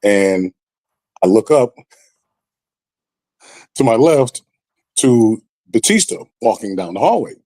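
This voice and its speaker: Low, mellow-voiced man telling a story. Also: slow pace, long pauses, dry recording. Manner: animated, acts out quoted voices. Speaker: podcast guest. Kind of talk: casual storytelling.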